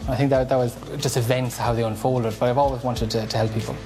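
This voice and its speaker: A man's voice: mid-range voice, steady tone, fast talker, music in the background. An Irish man and community board member, speaking earnestly and reflectively in a documentary interview.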